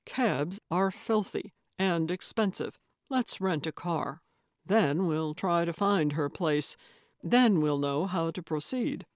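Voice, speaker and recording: Grumpy old guy, lady narrator doing him, low and curt. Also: slow, dry recording, clean studio sound. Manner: curt and grumbling. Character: gruff, grumbling older man.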